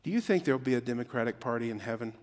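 A man's voice: mid-range voice, expressive, racing, big-room sound. A middle-aged man preaching a sermon in a joking, conversational way that builds to emphatic peaks. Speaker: pastor.

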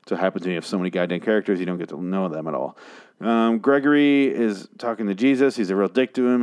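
A man with a fairly low voice rants through a TV episode recap in a casual, sarcastic way. He swears freely, sounds exasperated, and drops quick mocking voices for the characters. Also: a little mellow, clean tone. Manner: sarcastic, profane, exasperated ranting; mimics characters in brief jokey voices. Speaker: podcast host reviewing a TV episode.

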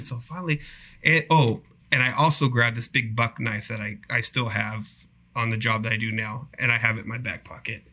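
A man's voice: mid-range voice, bright, forceful tone. A young man telling a rambling, profane work story in a casual podcast chat.

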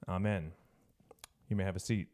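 Male preacher, low voice, reflective and halting sermon to a student congregation. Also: steady tone, darkish tone. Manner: hesitant, reflective, frequent self-corrections.

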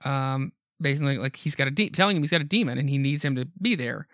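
Male podcast host, mid-pitch, dry close-mic sound, loose rambling recap delivery. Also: expressive, fast talker, fairly bright tone, no echo. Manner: rambling, frequent ums and asides. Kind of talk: casual comic book recap.

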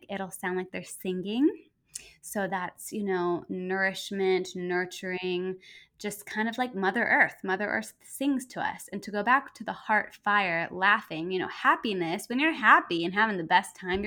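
Woman acupuncturist on a podcast, excited, rambly, lots of ums. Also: mid-range voice. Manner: enthusiastic, rambling explanations with many fillers. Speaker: acupuncturist guest. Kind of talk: conversational podcast interview.

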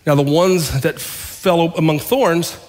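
Male pastor, high voice, conversational sermon, long hall reverb. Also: slow pace, a little mellow. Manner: conversational preaching, acting out dialogue, asking the congregation questions.

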